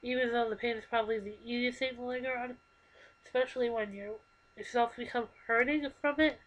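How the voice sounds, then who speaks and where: A young woman in her twenties with a slightly higher voice talks into a computer microphone. She speaks haltingly and earnestly, with plain emotion in her confessional talk. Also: fairly even intonation, poor audio. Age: 20s. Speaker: vlogger. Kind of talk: confessional personal talk to camera.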